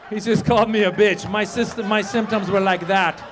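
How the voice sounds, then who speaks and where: A man in his fifties works a comedy club stage through a handheld mic, his voice riding high for a man. He banters with audience members and suddenly switches into loud, exaggerated voices. A faint room noise hangs under the set. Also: fairly even intonation, fairly quick, few pauses. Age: 50s. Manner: riffs with the crowd, jumps into loud put-on voices. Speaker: stand-up comedian.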